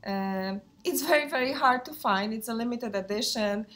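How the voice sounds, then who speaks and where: A woman speaking English in a casual handbag review vlog. She has a cold, so her voice sounds under the weather. She talks in a hesitant, friendly way, and her sentences are dotted with pauses and fillers. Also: fairly high pitch, a bit bright. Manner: hesitant, many fillers, non-native phrasing. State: sick, voice affected. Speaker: handbag vlogger.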